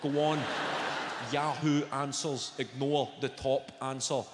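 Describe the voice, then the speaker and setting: Swearing Scottish stand-up comedian. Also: male voice, medium pitch, slow pace, noisy background. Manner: animated, swearing, storytelling. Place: large comedy venue. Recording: echoey hall with loud crowd.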